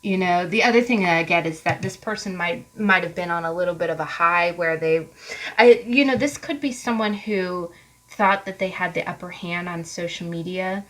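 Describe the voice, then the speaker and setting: A woman doing a casual tarot card reading for viewers, animated and sassy, laughing often and cussing freely. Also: on the low side, rough recording. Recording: background hiss from mic fault.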